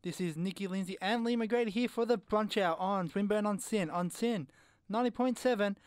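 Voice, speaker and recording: A young man with a high, smooth voice hosts a casual student radio show at a brisk pace, playful and jokey and occasionally tripping over his words. The sound is clean and echo-free, captured on a studio microphone in a radio studio.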